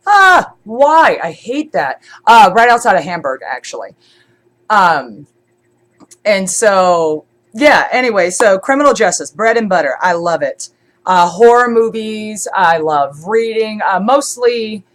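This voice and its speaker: A congested woman streamer chatting casually, rambling with many fillers and restarts. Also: mid-range voice. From born in Scotland, raised in Germany. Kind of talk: casual chat.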